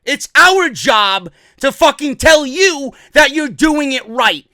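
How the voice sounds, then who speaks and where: A man with a very high, animated voice delivers a profane wrestling rant, often breaking into shouts. His tone is bright and sharp. The sound is dry and close to the mic. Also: slow pace, few pauses, no echo. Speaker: wrestling commentary host. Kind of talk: ranting commentary.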